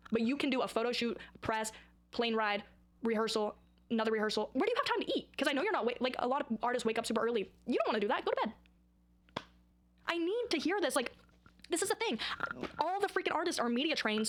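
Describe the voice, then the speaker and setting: Excitable rambling young woman vlogger. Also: a little high. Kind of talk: casual chatty vlog.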